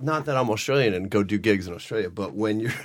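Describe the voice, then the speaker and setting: A man's voice: lowish voice, fast. A man hosting a casual chat, jokey and swearing a lot. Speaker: host.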